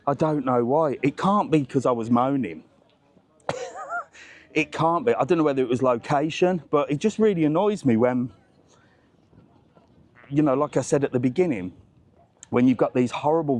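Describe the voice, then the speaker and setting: A middle-aged man chats and rants as he strolls through an outdoor market, laughing often. His voice sits at an ordinary middle pitch and is picked up outdoors on a small clip-on mic. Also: a little mellow. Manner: chatty and ranting, laughs often. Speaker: travel vlogger. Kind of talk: casual walking vlog chat. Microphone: clip-on mic, later removed.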